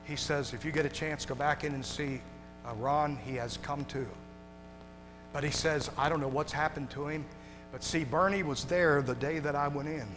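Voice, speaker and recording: A male pastor preaches in a church sanctuary, his fairly high voice ringing with a long hall reverb. He swings from quiet, intimate moments to shouted peaks, and music plays behind him. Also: steady tone, normal speed. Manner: swings from hushed and tender to loud shouting. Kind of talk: preaching a sermon to a congregation.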